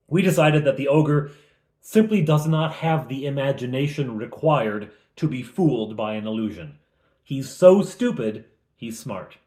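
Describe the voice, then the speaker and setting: A middle-aged man recapping a tabletop game as its game master, telling it in an animated way with chuckles. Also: medium pitch, unhurried. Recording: roomy echo.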